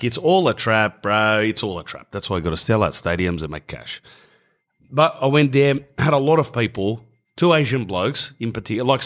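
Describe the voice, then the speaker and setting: A man's voice: mid-range voice, fairly bright tone. An Australian man telling a rambling, slangy comic story, often correcting himself mid-sentence. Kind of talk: comedic storytelling monologue.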